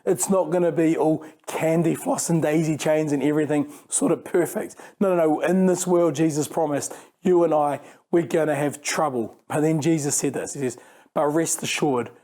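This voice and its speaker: Conversational man preaching, mellow tone. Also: fairly high pitch. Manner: conversational, with frequent restarts and imagined dialogue. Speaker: youth pastor. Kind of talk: sermon.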